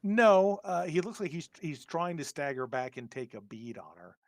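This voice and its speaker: A man running a tabletop horror game as game master, describing scenes with many pauses and filler words. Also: on the high side, animated, no room sound, clean studio sound.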